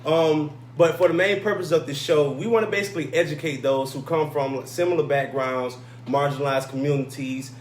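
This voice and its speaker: A man hosting a casual talk show, relaxed and easygoing, often tagging "man" onto his sentences. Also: a little high. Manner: relaxed, drawn-out filler "man". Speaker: host. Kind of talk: casual chat. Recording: echoey room, faint noise.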